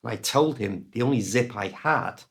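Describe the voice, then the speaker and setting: A British man telling a story as an English lesson, slow and deliberate, his voice rising and falling a lot. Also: mid-range voice, creaky. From United Kingdom. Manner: slow, deliberate delivery with lively ups and downs. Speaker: English teacher.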